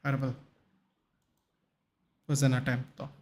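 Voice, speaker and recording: A man's voice: medium pitch, monotone, a little slow. A young man hosting a live football watchalong stream, chatting casually, answering viewers in the chat and reading out names and match stats.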